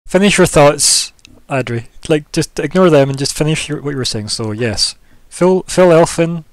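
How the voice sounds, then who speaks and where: A man's voice: a little high, expressive, normal speed, no room sound. Man narrating as game master. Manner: descriptive narration, laughing, swearing.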